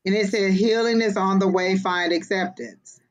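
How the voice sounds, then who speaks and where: A woman's voice: mid-range voice, fairly even intonation, moderate pace, rough recording. Rambling woman on a video call. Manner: rambling, with fillers and restarts. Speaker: tarot reader. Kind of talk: casual livestream chat.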